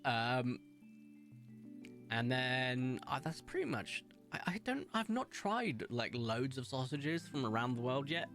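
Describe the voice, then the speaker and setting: A man's voice: medium pitch, expressive, a little slow, fairly bright tone, soft background music. A young English man streaming a game, chatting casually and enthusiastically, rambling with frequent laughs. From England.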